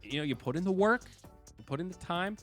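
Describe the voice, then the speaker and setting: A man hosting a game stream, chatting casually and excitably, swearing and laughing at his losses. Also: sits high, fast, faint music behind. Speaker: stream host and commentator.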